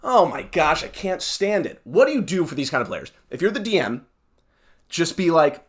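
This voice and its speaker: A man's voice: fairly high pitch, very animated, normal speed, breathy edge. A young man hosting a solo podcast, ranting in a heated, exasperated way with sarcastic asides. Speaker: podcast host.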